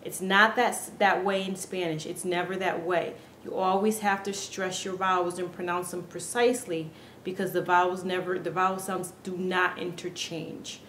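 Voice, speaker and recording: A woman's voice: on the low side, little pitch movement, a bit bright. Woman teacher going over sounds one by one, earnest, kinda echoey room w faint hiss. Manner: earnest, repeats words slowly to demonstrate. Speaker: Spanish pronunciation teacher. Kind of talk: casual video lesson.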